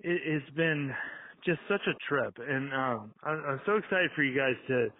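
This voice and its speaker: A drunk man leaving an excited, rambling voicemail from outdoors, panicking and swearing as he gushes. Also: mid-range voice, normal speed. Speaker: voicemail caller. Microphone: phone. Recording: tinny phone voicemail.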